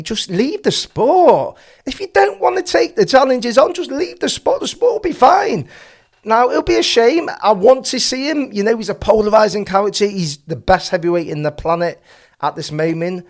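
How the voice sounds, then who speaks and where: A man's voice: high voice, big pitch swings, moderate pace. A man hosting a boxing channel, giving passionate, opinionated commentary full of rhetorical questions.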